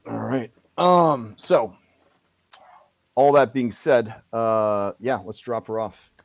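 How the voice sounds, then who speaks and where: A man voicing a stern older male official who sighs and speaks in a measured, persuasive way. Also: mid-range voice, creaky, dry recording.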